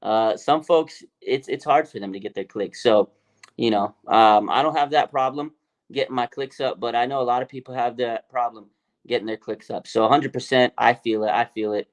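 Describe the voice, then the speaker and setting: A man's voice: medium pitch, fairly even intonation, normal speed. Man, casual livestream host, laughing, mocking, reads chat comments. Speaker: sports show host. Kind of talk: casual live-stream commentary.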